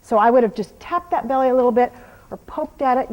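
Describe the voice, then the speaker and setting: A woman with a fairly high voice teaches a horse clinic outdoors, walking viewers through each step of the groundwork in plain, practical words. She talks to the horse in soothing, encouraging tones between her explanations. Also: quick pace, a little mellow, rough recording. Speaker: horse trainer. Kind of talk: instructional clinic talk while working a horse.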